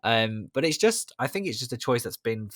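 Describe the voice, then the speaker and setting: A man co-hosting a film podcast, chatting casually and opinionated with quick asides. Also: mid-range voice, big pitch swings, no echo, clean studio sound. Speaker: podcast co-host. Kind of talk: casual film review chat.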